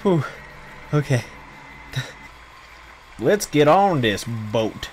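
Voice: medium pitch, very animated, extremely slow, a little hiss or hum, low-quality recording. A streamer giving casual let's play commentary on a horror game, panicking and swearing and laughing between scares. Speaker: gameplay streamer.

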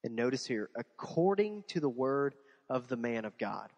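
A man preaching a sermon as a pastor, animated, with rhetorical questions and repeated phrases. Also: medium pitch, normal speed, in a large hall, dull audio. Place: church sanctuary.

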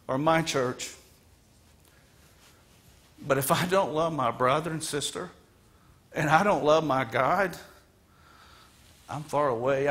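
Serving as guest minister in a church sanctuary, a man with a slightly high, somewhat bright voice delivers a sermon. He's earnest and emphatic, dramatically retelling a story.

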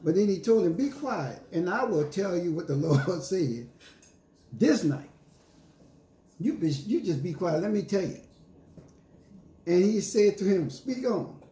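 In this sermon, a pastor with a high-pitched, dark-toned voice speaks a little slowly and pauses often, animated throughout, with slight background noise. He reads scripture, leads call-and-response, and emphatically puts the verses into casual slang, all in an echoey church with faint ambience.

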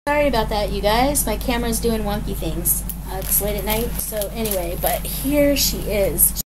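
A woman's voice: mid-range voice, expressive, normal speed. Lady vlogger gushing over a craft kit at her table, lots of ums, hissy noisy recording. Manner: gushing, rambling with many ums and apologies. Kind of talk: casual unboxing chat. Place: home, sitting at a table late at night. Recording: noticeable background noise.

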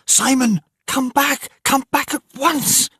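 A man voicing a frightened young mother in an audiobook, with a shrill, pleading voice. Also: wildly swooping pitch, takes it slowly, darkish tone, slightly rough, no echo, studio quality, exaggerated voice. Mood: panicked. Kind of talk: audiobook character voice.

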